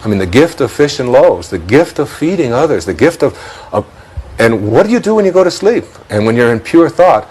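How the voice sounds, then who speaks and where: A man's voice: mid-range voice, sing-song, a little fast, few pauses, a little mellow, husky, rough recording. A man with a Detroit accent, speaking as a guest in a reflective spiritual interview, musing aloud, chuckling often and repeating words as he thinks.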